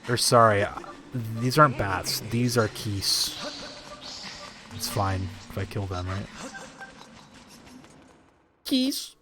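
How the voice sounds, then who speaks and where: A man's voice: lowish voice, lively intonation, takes it slowly, pauses often, over music. A man streaming live gameplay, joking, swearing and rambling in asides.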